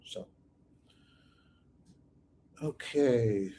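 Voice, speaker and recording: A man's voice: mid-range voice, very slow, mellow, a little hiss or hum. A man hosting a psychic channel, reading out viewer questions and answering them in a rambling, think-aloud way. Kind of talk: live viewer Q&A.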